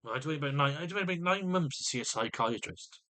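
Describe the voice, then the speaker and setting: A man's voice: a little high, lively intonation, racing, bright, forceful tone. A man venting to camera in an agitated monologue, often restarting and repeating his words. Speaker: vlogger.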